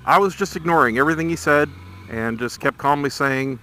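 A man's voice: a little high, bright, forceful tone. Irritated man vlogging while riding. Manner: irritated but measured, recounting a complaint. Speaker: motovlogger. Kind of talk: casual vlog storytelling while riding. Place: on a motorcycle in town traffic.

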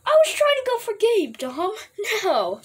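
A woman commentating her own gameplay, excitable and playful, laughing often and trash-talking her friends. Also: very high voice, unhurried. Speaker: gaming video host.

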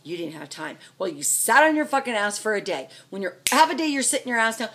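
A middle-aged American woman venting furiously to camera, swearing constantly and swinging between loud outbursts and low, seething mutters. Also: very animated, quick pace, a little hiss or hum. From United States. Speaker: vlogger, trucker's wife. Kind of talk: angry venting rant to camera.

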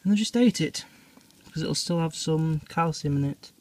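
Filming a casual vlog on his phone camera, a reptile keeper shows off his insect collection and freaks out, squeamish and swearing. His voice is fairly high and moves at a normal speed.

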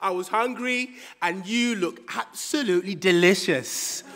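A man's voice: sits high, a little slow, fairly bright tone. A man voicing a greedy, ungrateful lion. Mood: pleading, smug. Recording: church hall reverb.

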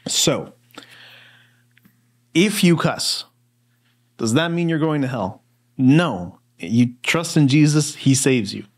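A man's voice: medium pitch, slow pace, long pauses. A man co-hosting a Bible study podcast, talking in a casual, rambling way with lots of fillers. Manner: relaxed, rambling storyteller with many fillers. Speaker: podcast co-host.

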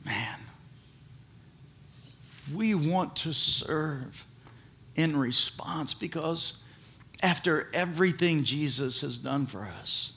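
A man delivering a sermon at an unhurried, drawn-out pace. His voice sits a touch high and rings bright and forceful. He swings from loud emphasis to hushed, earnest lines. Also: creaky. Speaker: pastor.

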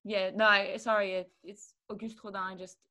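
A woman's voice: mid-range voice, level tone, moderate pace, bright, forceful tone. Chatty young woman from Luxembourg. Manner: chatty, loose, trailing fillers. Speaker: quiz round host. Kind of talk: casual online quiz chat.

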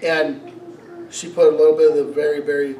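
A middle-aged man preaching a sermon as pastor, telling stories in an animated way and asking the congregation questions. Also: on the high side, a little fast, dull audio, slight background noise. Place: church sanctuary. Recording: echoey room, mic from a distance.

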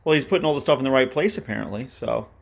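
A man hosting a family vlog at home, talking in an animated, encouraging way and praising his son. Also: medium pitch, rapid-fire, creaky, crowd noise. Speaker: family vlog host and father. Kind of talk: casual family chat.

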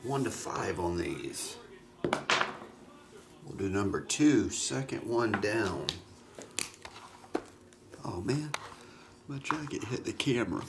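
Gravelly man chatting through a card break. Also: fairly low pitch, lively intonation, slow, long pauses. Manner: chatty, reads names off cards, yawning. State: tired, yawning. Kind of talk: casual live-stream chat. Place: indoor room at a camera. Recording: noisy stream recording.

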